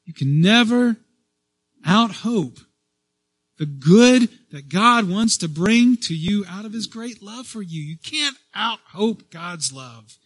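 A male pastor preaching a sermon in a slightly raised voice. He swells loud on key words, then falls soft, often circling back to restart a phrase. The sound is close and dry, with little room echo. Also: sits high, animated, takes it slowly, breathy edge. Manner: repeats and restarts phrases as he speaks.

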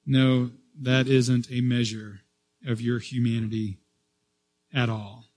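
A man preaching a sermon as pastor, stressing key phrases loudly, then dropping to a soft voice, and restarting phrases as he goes. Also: mid-range voice, level tone, takes it slowly. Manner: repeats and restarts phrases as he speaks.

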